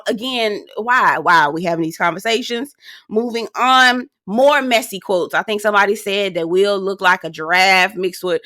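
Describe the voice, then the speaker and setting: Sassy, bright-voiced woman recapping reality TV. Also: medium pitch, no room sound, clean studio sound. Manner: sassy, animated, laughing asides and put-on quotes. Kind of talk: casual recap commentary.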